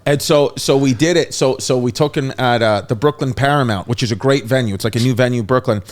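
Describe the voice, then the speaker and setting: A man who is a comedian, a podcast guest telling a long story in a rambling, animated way. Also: mid-range voice, a little fast. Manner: rambling, repeats "I was like", animated retelling. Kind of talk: casual storytelling.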